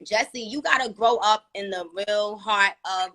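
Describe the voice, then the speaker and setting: A woman's voice: mid-range voice, a little slow. A woman with a New York accent hosting a live stream, chatting casually with many fillers. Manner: chatty, animated, lots of fillers.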